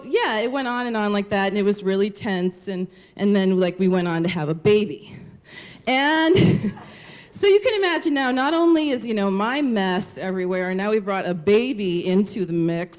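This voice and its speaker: A woman's voice: medium pitch, measured pace. Frank, profane woman telling a story. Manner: candid, profane, lots of "like". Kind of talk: live stage storytelling. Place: live storytelling show on stage.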